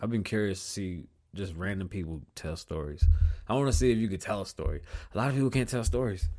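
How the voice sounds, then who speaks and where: A man hosting his own podcast from a small studio, talking casually, swearing often and getting loud and animated when he tells a story. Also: fairly low pitch, fast. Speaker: podcast host. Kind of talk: casual solo podcast talk.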